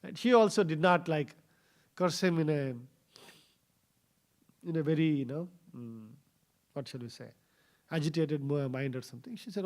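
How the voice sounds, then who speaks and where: A man giving a scripture class in a temple, telling a story with many fillers and pauses. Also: a little high, darkish tone. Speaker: scripture speaker. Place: temple hall.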